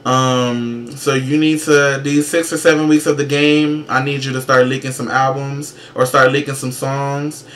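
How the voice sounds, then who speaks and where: A man's voice: mid-range voice, flat delivery, measured pace, hardly any pauses. Man, sassy profane host, emphatic gossip commentary, faint background hiss. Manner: brash shout-outs and gossip. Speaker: show host. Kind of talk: casual pop-culture commentary.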